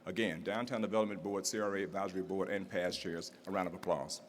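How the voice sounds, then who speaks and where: A man's voice: low-pitched, steady tone, fast talker, very noisy. A man acting as master of ceremonies at a civic event, reading formal introductions and building to a rousing, rhythmic oratorical finish. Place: large event hall with audience. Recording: reverberant hall, faint room ambience.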